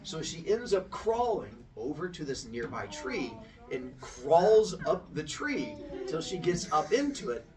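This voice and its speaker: A man telling a story in a casual, animated way, acting out voices and sounds. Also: fairly high pitch, a little slow, few pauses, distant mic, a crowd in the background.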